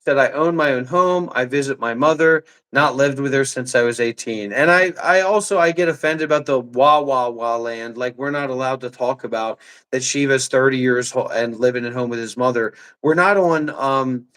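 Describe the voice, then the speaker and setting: A man's voice: mid-range voice, normal speed, fairly bright tone. A man in his thirties ranting heatedly on a livestream, hurling accusations and reading chat messages aloud. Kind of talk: heated live commentary.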